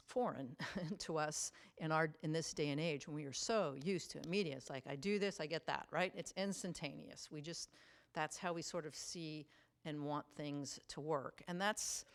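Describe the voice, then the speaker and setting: A woman teaches a Bible study in an easygoing, conversational manner. Her voice sits low, and she often pauses on fillers and restarts her sentences as she explains. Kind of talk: casual Bible study talk.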